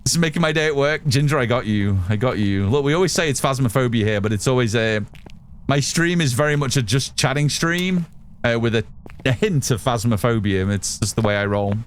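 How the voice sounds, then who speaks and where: A man's voice: mid-range voice, animated, brisk, slight background noise. A man streaming live, chatting casually with lots of restarts and swearing. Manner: rambling, swears freely, many restarts. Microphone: studio mic through an audio mixer.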